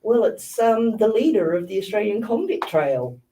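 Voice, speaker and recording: A woman's voice: medium pitch, sing-song, normal speed, dark tone. A woman guest in casual chat, talking and laughing easily on a remote call. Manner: chatty, laughing. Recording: distant mic with faint background noise.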